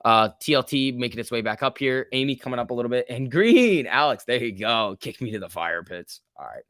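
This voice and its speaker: A man's voice: medium pitch, no echo, studio quality. Man chattering live over stock charts. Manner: loose running commentary, reads chat aloud, quick excited outbursts. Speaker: livestream host. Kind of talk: casual live trading stream chatter.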